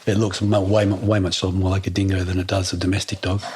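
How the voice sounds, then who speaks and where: Man, low-pitched, relaxed rambling talk, podcast guest. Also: fast talker, breathy edge. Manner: relaxed, rambling, with many fillers and restarts. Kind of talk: casual outdoor conversation.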